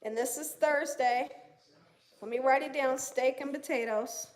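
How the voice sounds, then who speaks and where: A woman with a high voice and a Southern American accent speaks unhurriedly while hosting a casual cooking livestream. Chatty with her viewers, she reads their comments aloud and coos to her dogs.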